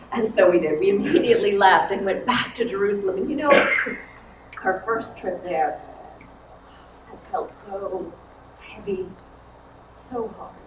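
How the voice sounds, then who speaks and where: Woman telling a Bible story, echoey and distant. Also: medium pitch. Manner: expressive, with dramatic pauses. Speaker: worship storyteller. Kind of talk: first-person dramatic Bible monologue. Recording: echoey room, mic far off, noisy.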